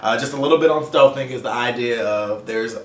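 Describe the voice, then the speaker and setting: A young vlogger tells a personal story to camera in a casual vlog, speaking fast and animated, sometimes stumbling over words and swearing. His voice is mid-range, and the recording is reverberant with a bit of hiss or hum.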